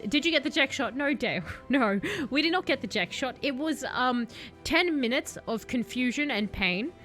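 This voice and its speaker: A woman's voice: high-pitched, pushed and bright. A woman streamer chatting sarcastically through her first playthrough of a game, joking at the story. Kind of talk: first-playthrough gameplay commentary.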